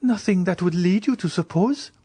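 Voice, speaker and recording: A man reading an audiobook voices an emotional young woman in a high, pleading voice. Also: normal speed, husky, dry recording. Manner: excited, pleading.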